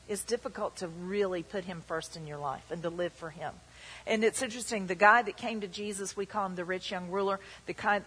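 Casting: woman pastor, husky voice, emphatic preacher, church hall reverb. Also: mid-range voice, fairly bright tone. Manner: emphatic preaching, voices the tempter's lines in quotes. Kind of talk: sermon.

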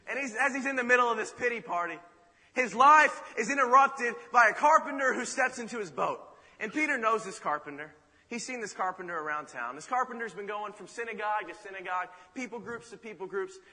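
High, bright-voiced preacher in a hall. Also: male voice. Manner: dramatic, animated retelling with rhetorical asides. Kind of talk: sermon storytelling. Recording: reverberant hall.

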